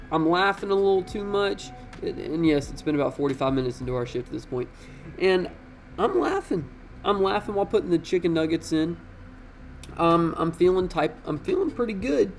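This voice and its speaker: A young man telling a casual, slangy story in an animated way, swearing freely. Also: sits high, gravelly.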